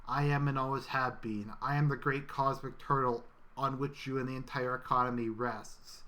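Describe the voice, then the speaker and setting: A man's voice: steady tone, moderate pace, sharp tone, close to an everyday voice. A man doing a pompous wrathful bureaucrat god. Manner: booming, pompous proclamations.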